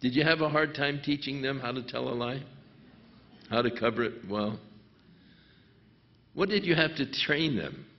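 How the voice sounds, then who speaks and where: A man preaching a sermon to a congregation, slow and deliberate, with sudden emphatic rises. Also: medium pitch. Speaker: pastor. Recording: dull lo-fi recording.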